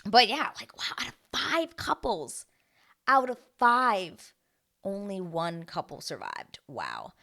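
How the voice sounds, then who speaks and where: A woman's voice: mid-range voice, big pitch swings, slow pace, sharp tone. A young woman chatting casually as a recap vlogger, gushing and exclamatory.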